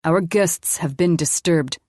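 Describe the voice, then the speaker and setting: A woman's voice: fairly low pitch, slow, a little mellow, no room sound. Woman doing a snooty stiff waiter, formal and curt, dry close sound. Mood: haughty. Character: stiff, condescending restaurant waiter.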